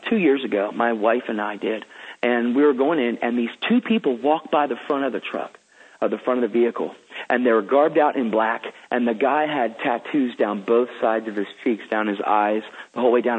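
A man who is a guest minister, telling stories in an eager, emphatic, preacherly way. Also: medium pitch. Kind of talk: enthusiastic storytelling. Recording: phone-like radio line.

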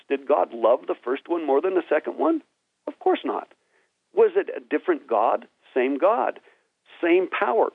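Man, guest minister, emphatic teaching, higher voice, dry thin lo-fi recording. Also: dry recording. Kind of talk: teaching and praying on a talk show. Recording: tinny phone-like dry sound.

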